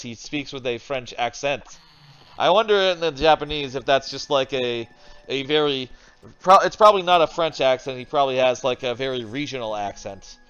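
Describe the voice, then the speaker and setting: A man streams a video game from his desk at home, rambling through his thoughts in a loose, chatty way with the odd curse. His voice is smooth and full at a mid pitch. The stream audio is a little dull, with faint game music underneath. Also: fairly bright tone. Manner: rambling and chatty, thinks aloud, swears casually. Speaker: streamer playing video games. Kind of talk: casual live-stream commentary. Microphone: desk microphone.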